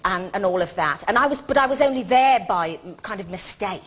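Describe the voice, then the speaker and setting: A woman's voice: medium pitch, animated, fairly quick. Laughing woman telling funny stories. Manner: self-mocking storyteller, laughs often. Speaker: guest. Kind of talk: chat show interview.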